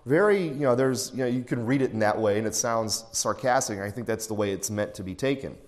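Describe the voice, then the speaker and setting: A man's voice: mid-range voice, fast talker, darkish tone. Middle-aged male pastor in a reverberant hall. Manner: conversational, anecdotal, with asides and chuckles. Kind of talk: expository sermon. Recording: long reverb in a large hall.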